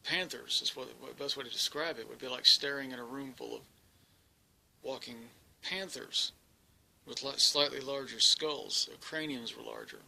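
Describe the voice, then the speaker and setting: A man telling a first-person story, halting often, restarting sentences and searching for words. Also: mid-range voice, very animated, gravelly, pushed and bright, low-quality recording. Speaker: experiencer recounting an encounter.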